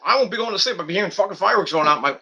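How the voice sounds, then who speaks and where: Male podcast host, casual profane rant, bright sharp tone, animated delivery. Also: high-pitched, racing, breathy edge, dull audio. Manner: blunt and profane, with frequent fillers. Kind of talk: casual ranting monologue. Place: at home at night, indoors.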